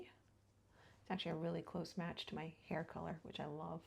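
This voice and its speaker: A middle-aged woman talks through her morning makeup in a loose, rambling way. Her voice sits low, mellow and husky, with a gravelly edge. She laughs often and sometimes drops into a whisper. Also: little pitch movement, unhurried. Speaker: beauty vlogger. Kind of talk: chatty get-ready-with-me. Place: home.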